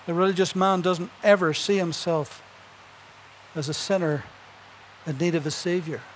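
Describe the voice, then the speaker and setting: A man's voice: high-pitched, steady tone, moderate pace, a little hiss or hum. A man preaching a sermon, telling Bible stories and building to emphatic punchlines, with chuckles between points.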